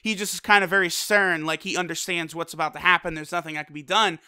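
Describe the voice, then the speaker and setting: Bright, high-voiced man ranting casually. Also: quick pace, smooth. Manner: animated, slangy and profane; frequent fillers like "like" and "you know". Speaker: anime episode reviewer. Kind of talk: casual video review.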